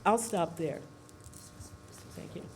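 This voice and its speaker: A speaker giving an informal talk at a seminar, out of breath, pausing often on fillers and putting questions to the audience. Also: mid-range voice, creaky, heavy background noise. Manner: halting, many fillers, asks the audience questions.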